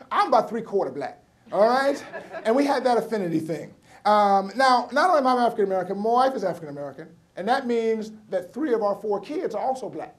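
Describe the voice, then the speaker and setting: A middle-aged man with a high voice does stand-up comedy, telling a personal story full of wry, punchy asides and sharp comic timing.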